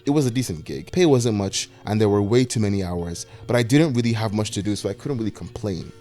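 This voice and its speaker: A man's voice: on the low side, expressive, brisk, mellow, soft background music. A 21-year-old man narrating a scripted video essay with wry, self-deprecating, anxious rambling.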